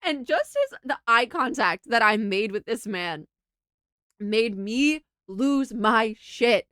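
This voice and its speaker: Giggly high-voiced woman telling stories. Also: slow pace, no room sound, clean studio sound. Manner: animated, giggly, lots of laughing and filler words. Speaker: streamer. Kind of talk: casual storytelling to a livestream chat.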